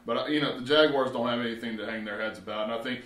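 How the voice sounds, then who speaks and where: A man's voice: medium pitch, rapid-fire, a bit bright. Rambling male sports reporter, roomy sound. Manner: rambling, many "you know" fillers. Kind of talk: high school football analysis. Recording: roomy echo.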